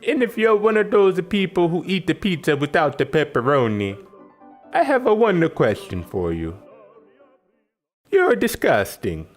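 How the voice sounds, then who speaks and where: A man putting on an exaggerated Italian accent to play an excitable pizza chef narrating a recipe. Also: on the high side, measured pace, faint music behind, voice pushed up. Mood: indignant. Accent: put-on Italian. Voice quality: exaggerated sing-song accent.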